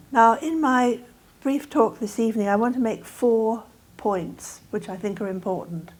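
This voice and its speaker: Older aussie woman lecturing, measured and academic, mid-pitched voice. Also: darkish tone, low-quality recording. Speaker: guest speaker. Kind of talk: lecture talk.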